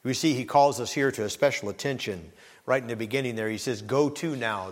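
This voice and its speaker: A man's voice: medium pitch, a little fast. Man preaching in a reverberant hall. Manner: preaching with surging intensity, rising to near-shouted emphasis. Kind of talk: sermon.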